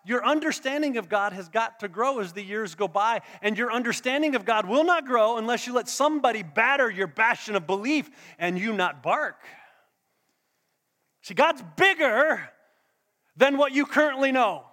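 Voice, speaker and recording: Delivering a sermon in a church hall, this pastor draws his listeners in with questions and call-and-response. His voice is very high and sharp-toned, expressive, at a normal speed, and the recording carries a long hall reverb.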